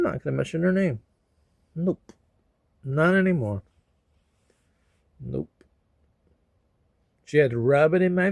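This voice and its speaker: A man vlogging about feeling sad and sleepy, talking in a slow, rambling way with sudden loud bursts. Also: fairly high pitch, animated, creaky, no room sound, clean studio sound. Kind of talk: emotional personal vlog.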